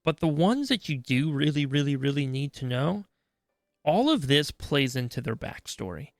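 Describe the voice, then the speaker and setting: A male podcast host talks through game lore in a loose, chatty style, often checking in with his listener. His voice is gravelly with fry and sits a little high for a man. The sound is dry and close to the mic. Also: big pitch swings, moderate pace, no echo. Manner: chatty, checks in with frequent "right?". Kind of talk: casual lore explainer.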